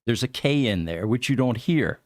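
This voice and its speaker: A man hosting an interview show, talking in a relaxed, conversational way with filler pauses. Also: medium pitch, no echo, clean studio sound. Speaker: show host. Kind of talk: casual interview chat.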